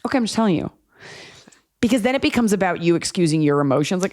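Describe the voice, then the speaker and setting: A woman's voice: lowish voice, rapid-fire. A woman hosting an advice podcast, chatting casually and bluntly, acting out the people she talks about. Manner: blunt, animated, acts out quoted voices. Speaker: podcast host giving advice.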